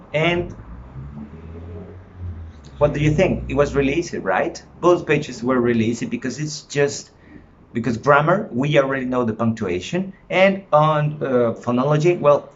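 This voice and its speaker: A man teaching an online lesson, drawing out his prompts slowly for the class. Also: medium pitch. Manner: slow, drawn-out classroom prompting. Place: home. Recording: dull lo-fi home recording, faint room noise.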